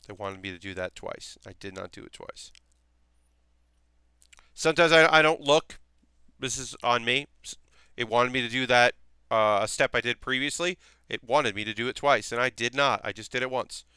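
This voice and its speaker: A young man from South Carolina talks casually while he builds a model kit on a live stream, reassuring his viewers and thinking out loud. His voice is bright and very clear, caught close and dry on a desk mic. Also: medium pitch, moderate pace, no echo. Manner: chatty, reassuring, thinks aloud with restarts.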